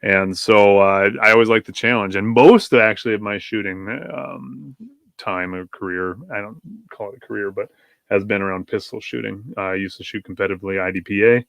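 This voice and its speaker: A man's voice: lowish voice, fairly even intonation, a little fast, creaky, fairly bright tone, dry recording. A man, a pastor and podcast guest, telling a story in a casual, rambling way, often correcting himself and wandering off on tangents.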